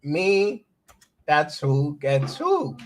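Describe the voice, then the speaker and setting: A man hosting a casual crypto livestream, rambling and offhand, and reading news aloud haltingly. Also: on the high side, wildly swooping pitch, slight background noise, rough recording. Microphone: streaming mic.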